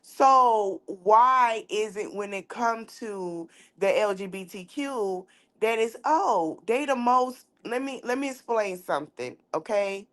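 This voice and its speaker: Outspoken thirties woman, podcast host, animated storyteller. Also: medium pitch, slow pace. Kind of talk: candid casual commentary and storytelling.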